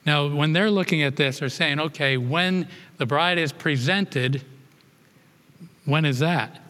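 A man's voice: fairly high pitch, measured pace, fairly bright tone. Give me a man leading a Bible lesson, rereading and restarting verses, in a reverberant hall. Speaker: Bible study teacher.

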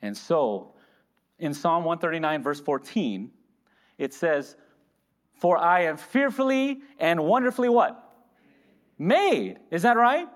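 A man's voice: on the high side, animated, takes it slowly, long pauses. A man preaching a sermon in a church, asking the congregation questions and answering them himself. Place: church hall. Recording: reverberant church hall.

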